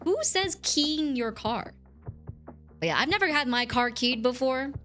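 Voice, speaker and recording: A woman's voice: high-pitched, animated, a little slow, fairly bright tone, soft background music. A woman streamer chatting casually with her viewers, rambling and giggling as she answers chat.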